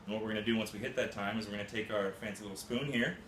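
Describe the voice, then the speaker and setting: A man with a fairly low pitch, steady tone, and fairly bright sound races through a casual how-to on brewing coffee step by step, throwing in playful, goofy catchphrases. The recording has a roomy feel and a faint ambient hum.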